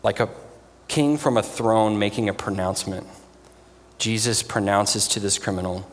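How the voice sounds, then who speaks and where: A man preaching a sermon in an earnest, emphatic way, pausing for weight. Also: on the low side, steady tone, big-room sound, slight background noise. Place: church.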